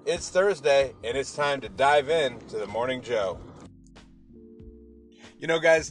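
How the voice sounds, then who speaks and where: A podcast host from the Pacific Northwest talks casually on his morning show over faint music. His medium-pitched voice has a fairly bright tone, and his delivery is upbeat, rambling, and motivational.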